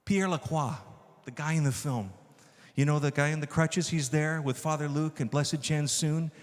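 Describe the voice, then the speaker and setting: A man, a filmmaker, telling animated stories to an audience and acting out the dialogue. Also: fairly high pitch, moderate pace, big-room sound. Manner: enthusiastic, acts out dialogue. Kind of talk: animated storytelling talk.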